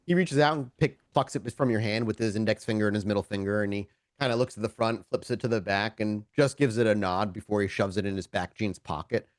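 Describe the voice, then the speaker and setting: A man's voice: on the low side, fast, no echo, clean studio sound. A man narrating a tabletop game as game master, loose and casual, with occasional swearing.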